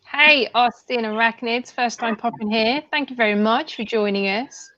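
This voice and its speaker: A woman's voice: fairly high pitch, normal speed, bright, forceful tone. A woman hosting a live stream, laughing a lot and welcoming viewers in casual chat. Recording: dull lo-fi stream audio, faint noise.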